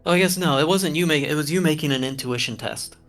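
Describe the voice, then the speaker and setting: A man's voice: a little high, fast talker, a bit bright, soft background music. A man running a tabletop game as game master, thinking aloud about the rules with hesitant restarts.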